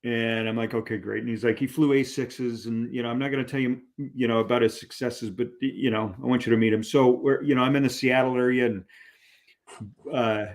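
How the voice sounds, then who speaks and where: A man's voice: mid-range voice, a little fast. Man telling a story with many restarts. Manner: animated, many fillers and restarts. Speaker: guest. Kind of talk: conversational storytelling.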